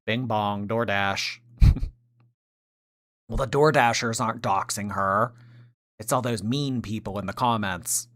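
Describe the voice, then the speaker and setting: A woman's voice: a bass voice, measured pace, long pauses, fairly bright tone. A woman streamer giving sarcastic, mocking commentary on a video and reading chat messages aloud.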